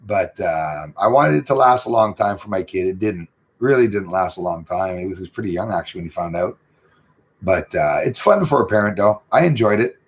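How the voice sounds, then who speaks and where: A middle-aged Canadian man hosts his livestream, reading the live chat and rambling casually with lots of fillers. His voice is deep, slightly rough, animated and brisk.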